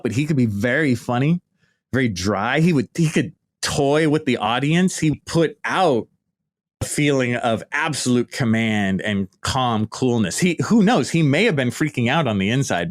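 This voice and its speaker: Lively, lighthearted American man reminiscing. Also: mid-range voice, normal speed. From United States. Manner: animated, lighthearted, frequent "right?" and "you know". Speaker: podcast host. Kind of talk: casual reminiscing monologue. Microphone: podcast microphone.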